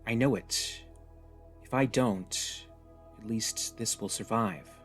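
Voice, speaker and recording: A man's voice: fairly low pitch, slow, soft background music. Jaded stranded young woman, tough and resigned, read by a male narrator. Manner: blunt, weary, resigned.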